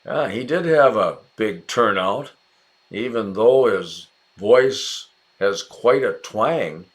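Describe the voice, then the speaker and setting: A man with an American accent teaching English in a relaxed, chatty way, encouraging viewers and calling them by name. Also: fairly low pitch, slow. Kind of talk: casual ESL lesson narration.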